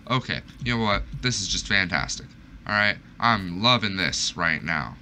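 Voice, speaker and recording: A man's voice: low-pitched, lively intonation, normal speed, sharp tone, slight background noise. A young man streaming gameplay, talking to the game in a panicky, self-mocking way as things go wrong. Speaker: gaming streamer. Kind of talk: live gameplay commentary.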